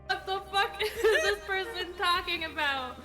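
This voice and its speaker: A woman's voice: very high voice, a little slow, music in the background. A woman in a played clip, ranting in disbelief with heavy swearing and laughter.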